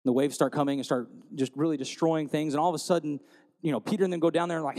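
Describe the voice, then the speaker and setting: A man preaching a sermon, telling stories and retelling scripture in a lively storytelling way. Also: on the high side, fast talker, long reverb tail. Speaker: pastor.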